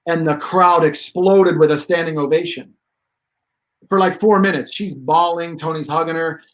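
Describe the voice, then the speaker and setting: A man's voice: a little high, moderate pace, poor audio. A man speaking as a guest expert on pain relief, telling stories emphatically with rambling asides. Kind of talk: animated storytelling.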